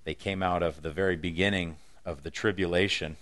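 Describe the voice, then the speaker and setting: A man's voice: low-pitched, steady tone, brisk, fairly bright tone. A man pastor preaching a conversational, humorous sermon with emphatic stresses.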